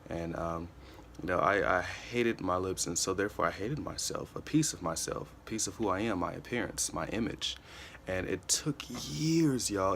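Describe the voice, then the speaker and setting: Deep voiced guy in his 20s, earnest motivational vlog talk, keeps saying you know. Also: vocal fry, a bit bright, slight background noise. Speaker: motivational vlogger. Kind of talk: casual motivational monologue.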